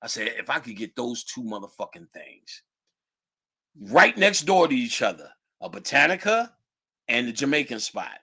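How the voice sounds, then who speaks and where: A middle-aged man telling casual stories in a lively, profane, slangy way, laughing often. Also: medium pitch, moderate pace, husky. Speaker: guest storyteller. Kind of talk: casual storytelling.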